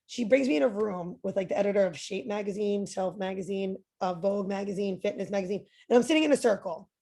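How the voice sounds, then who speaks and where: A young adult woman, a podcast guest, telling a story in a lively way, acting out what others said and using "like" a lot. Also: mid-range voice, quick pace, gravelly. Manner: lively, acts out quoted voices, frequent "like" fillers. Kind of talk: animated storytelling.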